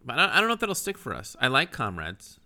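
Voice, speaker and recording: A man's voice: mid-range voice, huge pitch swings, fast talker, bright, forceful tone. A man co-hosting a casual podcast chat, teasing his partner with dry humor. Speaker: podcast co-host.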